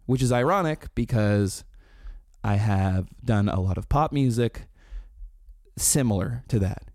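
A man in his thirties chatting casually, telling animated stories full of swearing, laughs and quoted impressions. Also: mid-range voice, no echo, clean studio sound. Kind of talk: casual chat.

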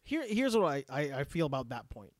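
A man's voice: a little high, sing-song, brisk, no echo, clean studio sound. A man chatting casually about movies, emphatic and opinionated, swearing freely.

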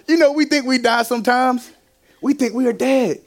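With an extremely high-pitched voice and a slightly fast pace, a young man preaches and shares his personal testimony. He stays animated, laughs often, and shifts from loud to hushed.

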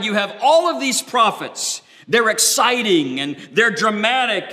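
A man's voice: high-pitched, pushed and bright. A man preaching a sermon with dramatic delivery, acting out the voices he quotes. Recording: long reverb of a large hall.

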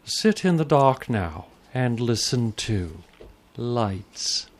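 A man announcing a radio drama, formal and measured. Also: medium pitch, sing-song.

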